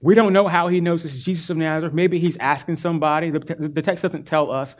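A male pastor preaching a sermon, earnest and animated as he retells a Bible story. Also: fairly high pitch, fast.

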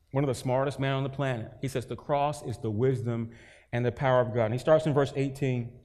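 A man's voice: medium pitch, a little mellow, long reverb tail. Man preaching a conversational sermon. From North Carolina, US. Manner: conversational preaching with rising emphasis and folksy stories. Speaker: pastor.

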